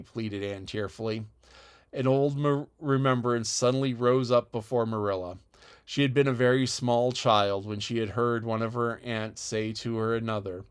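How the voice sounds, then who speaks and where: A man narrating a classic novel as an audiobook, in a measured, expressive storytelling manner. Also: lowish voice, smooth. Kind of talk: scripted narration.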